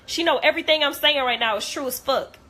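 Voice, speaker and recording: A woman's voice: high-pitched, quick pace, pushed and bright. A young woman, talking straight to camera in an emotional rant, blunt and cursing heavily. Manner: blunt, heavy cursing, hurt and heated. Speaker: vlogger.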